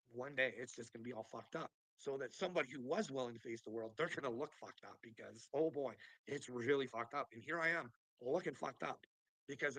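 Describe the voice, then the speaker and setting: A man's voice: mid-range voice, gravelly, bright, forceful tone, no echo, poor audio. A man ranting on a livestream, profane and mocking, who keeps breaking into laughter. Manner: profane, mocking, laughs often between lines. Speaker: live streamer. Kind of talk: rambling livestream rant.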